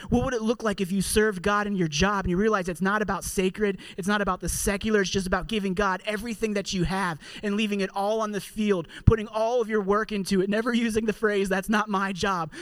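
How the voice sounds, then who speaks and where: A man preaching a sermon in an earnest, conversational way, slowing down to read scripture. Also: sits high. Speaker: pastor.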